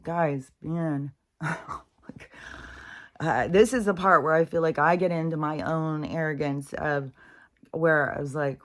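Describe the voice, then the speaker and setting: A woman vlogging in a casual rant, exasperated and swearing, stumbling over restarts and mocking others in a higher voice. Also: steady tone. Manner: halting restarts and repeated fillers. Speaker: spiritual vlogger.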